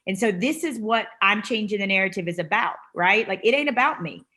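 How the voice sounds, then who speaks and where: A woman's voice: medium pitch, lively intonation, brisk, sharp tone. A woman hosting a video-call meeting, talking casually, gushing with emotion and pride. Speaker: meeting host.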